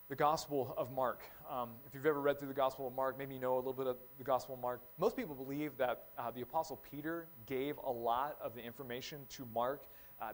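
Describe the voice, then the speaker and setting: A male pastor preaching a casual, conversational sermon, acting out short quotes in lively voices. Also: mid-range voice, low-quality recording.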